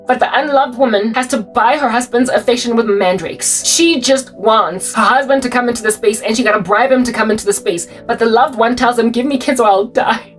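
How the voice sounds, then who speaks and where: A woman's voice: fairly high pitch, fairly quick, distant mic, soft background music. A woman preaching an informal sermon, rambling and impassioned, sometimes acting out quotes. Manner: rambling, impassioned, breaks into song and acted quotes. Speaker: online preacher. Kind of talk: informal spoken sermon monologue.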